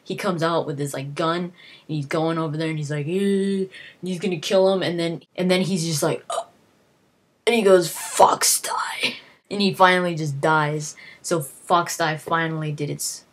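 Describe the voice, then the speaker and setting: A woman's voice: low-pitched, steady tone, moderate pace. A young woman casually recapping a video game plot in a rambling way, full of fillers and restarts.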